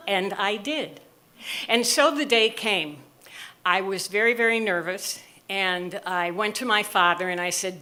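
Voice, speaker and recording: A woman in her sixties from the US Midwest, telling a comic personal story with animated delivery and careful enunciation. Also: medium pitch, slow. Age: 60s. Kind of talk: live storytelling.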